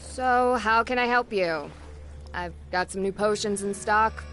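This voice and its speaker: An actress playing a tired, exasperated potion merchant in a video game, talking in an everyday, put-upon way. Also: female voice, medium pitch, measured pace, a bit bright, slight background noise, close to an everyday voice. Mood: weary. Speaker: shopkeeper.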